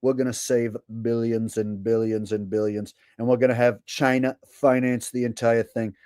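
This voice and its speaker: A man's voice: medium pitch, little pitch movement, normal speed, a little mellow, clean tone, no echo, clean studio sound, close to an everyday voice. A man doing an impression of a boastful older politician, repeating grand promises in bragging salesman patter.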